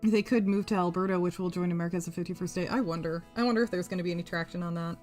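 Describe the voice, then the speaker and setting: A woman's voice: lowish voice, fairly even intonation, rapid-fire, darkish tone. A woman hosting a casual craft live stream, reading chat messages aloud, laughing often and swearing freely. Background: faint guitar music.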